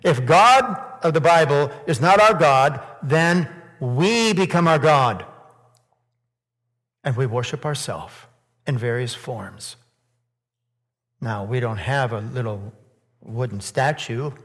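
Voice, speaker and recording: A man preaching a sermon in church, asking rhetorical questions and building to loud, emphatic peaks. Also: mid-range voice, expressive, slow, long pauses. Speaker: pastor. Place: church sanctuary. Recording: long hall reverb.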